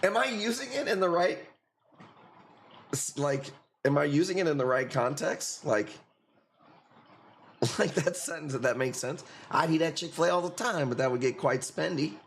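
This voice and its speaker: A man's voice: on the high side, animated, normal speed, creaky, long pauses, a little hiss or hum. A man with a Chicago accent hosting a live coral-sale stream, chatting casually, swearing and laughing often. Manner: laid-back, profane, laughing often. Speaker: livestream host selling corals. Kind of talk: casual livestream chat.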